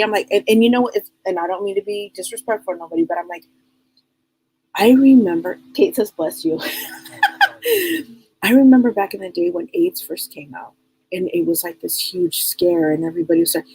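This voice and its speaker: A woman's voice: mid-range voice, animated, brisk, vocal fry, dark tone, slightly rough, poor audio. A middle-aged woman hosting a live psychic advice stream, talking bluntly and casually, repeating herself and firing off rhetorical questions. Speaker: psychic reader and show host.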